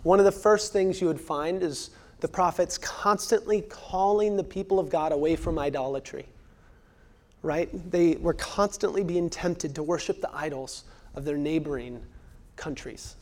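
A man in his thirties, a pastor delivering a sermon, earnest and repeating key phrases for emphasis, sometimes dropping to a hushed near-whisper. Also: fairly high pitch, moderate pace.

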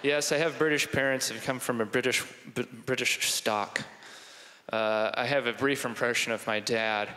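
A young man doing stand-up comedy on a theater stage, rambling and animated, switching into voices. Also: mid-range voice, normal speed. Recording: echoey theater hall.

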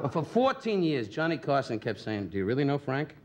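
A man's voice: mid-range voice, big pitch swings, moderate pace. A man doing brash, teasing stand-up banter as a guest on a talk show. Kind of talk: roast-style stand-up banter. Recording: noisy 1970s TV broadcast with studio audience. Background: studio audience laughter.

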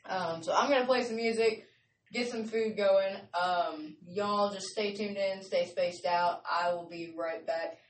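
A woman's voice: mid-range voice, a little slow, distant mic. A woman hosting her show in a casual, rambling, chatty way, often laughing. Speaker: show host. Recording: roomy sound from off-mic with faint noise.

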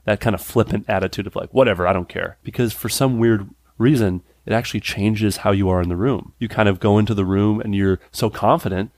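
A man in his thirties, a character actor and improviser, chatting casually as a podcast guest, animated and laughing often, with many "like" fillers and sudden pitch jumps when he acts out what people say. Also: a little fast, few pauses, dry recording, studio quality. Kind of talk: casual podcast interview chat.

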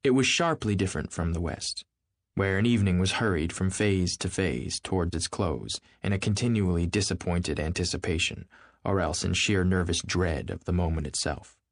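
A man narrating a classic novel as an audiobook in a measured, even manner. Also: low voice, no room sound, studio quality. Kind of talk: scripted literary narration.

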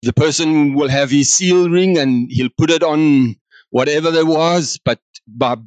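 A man with a South African accent preaching a sermon in an animated way, acting out God's words. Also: a little high, measured pace, no room sound. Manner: animated, acts out God's words, mixes in other languages.

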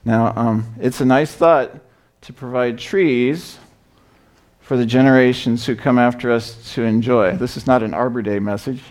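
Earnest, halting male preacher. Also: medium pitch, darkish tone. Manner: earnest, halting, with many restarts. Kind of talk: sermon. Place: church service.

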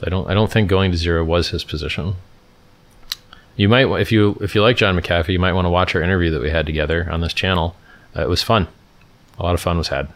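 A man's voice: sits low, fairly even intonation, quick pace. A middle-aged man hosting a livestream, reading out and answering chat questions in a blunt, offhand, casual way. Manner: blunt, offhand, lots of "like" and "dude".

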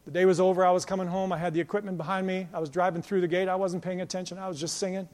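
A male pastor preaching a sermon with passion, moving between loud emphatic lines and quiet storytelling. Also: sits high, flat delivery, racing. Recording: long hall reverb.

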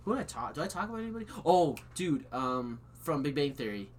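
A young man chatting casually with friends, excitable and quick to laugh. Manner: excitable, laughs often, lively swings in pitch. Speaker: podcast co-host. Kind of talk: casual chat among friends.

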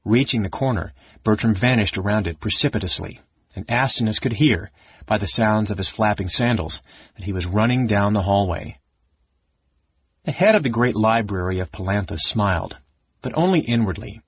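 A man reading a fantasy novel aloud as narrator, in an even, measured way. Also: lowish voice, slightly rough, no echo, highs cut off. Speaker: audiobook narrator.

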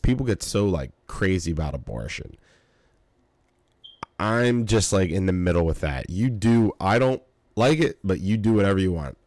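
A man's voice: sits low, a little mellow, no echo. A young adult man hosting his podcast, tired and yawning, rambling casually with fillers and swearing. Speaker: podcast host. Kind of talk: casual early-morning monologue.

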